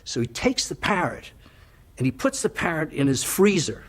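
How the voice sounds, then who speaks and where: A man's voice: a little high, sing-song, moderate pace, noisy background. A man telling a long joke, rambling with fillers and repeated "he says". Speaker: joke teller.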